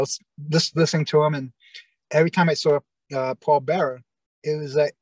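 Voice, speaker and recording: A man's voice: fairly high pitch, no echo, poor audio. A man telling long, rambling stories as the guest in an interview, often restarting and quoting what people said. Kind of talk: casual storytelling interview.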